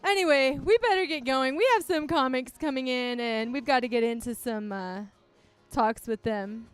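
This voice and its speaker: A woman's voice: sits high, moderate pace, clean tone, no echo, faint music behind. A woman co-hosting a casual podcast in a bar, bubbly and teasing with her guests. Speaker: podcast co-host.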